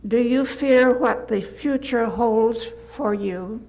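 Slow gravelly older woman. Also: a little high, low-quality recording. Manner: gentle storytelling, slips and restarts. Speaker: speaker giving a devotional talk. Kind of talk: folksy devotional talk with anecdotes.

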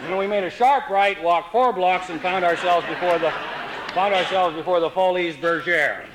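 A man telling comic stories in a dry, wry, deadpan way. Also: sits high, moderate pace, a loud crowd, heavy background noise. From Canada. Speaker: humorist. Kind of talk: comic storytelling.

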